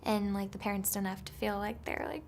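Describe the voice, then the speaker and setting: A woman's voice: mid-range voice, flat delivery, brisk. A woman being interviewed about her voice acting, talking casually with lots of fillers. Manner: chatty, full of fillers like "like" and "um". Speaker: actress interviewed about voice work.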